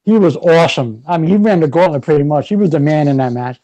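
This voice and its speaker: A man co-hosting a casual wrestling chat, excitable, often stammering and repeating words. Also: a little high, quick pace, poor audio. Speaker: podcast co-host.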